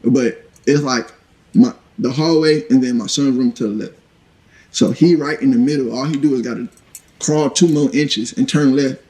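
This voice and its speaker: A man's voice: medium pitch, normal speed, mellow, rough recording. A man telling a violent story as an interview guest, in a blunt, profane, matter-of-fact way.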